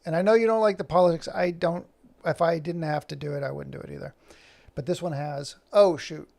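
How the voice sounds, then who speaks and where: Gravelly-voiced man in casual chat. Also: a little high, fairly even intonation, brisk, a little mellow. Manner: rambling, chatty, many fillers. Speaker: animator and vlogger. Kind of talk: casual chat while working.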